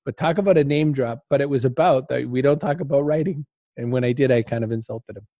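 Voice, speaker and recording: A man's voice: mid-range voice, fast, no room sound. A man telling anecdotes as an interview guest in casual talk, acting out what people said and laughing often. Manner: animated anecdotes, acts out quotes, laughs often.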